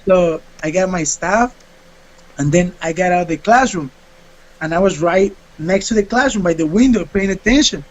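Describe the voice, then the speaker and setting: A man, a fighter being interviewed, telling a story in a casual, animated way and acting out what people said. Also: high-pitched, normal speed, lo-fi sound. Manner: animated, acts out quotes.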